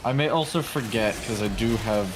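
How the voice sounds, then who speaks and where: A man's voice: fairly low pitch, moderate pace, background noise. A man chatting late at night while gaming with friends, playful, joking and giggly.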